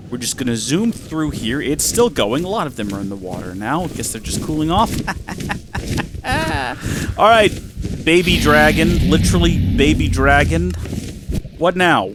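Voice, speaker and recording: A man hosting a gaming channel, talking excitedly to himself and the game as he plays. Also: a little high, noisy background. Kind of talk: let's-play commentary.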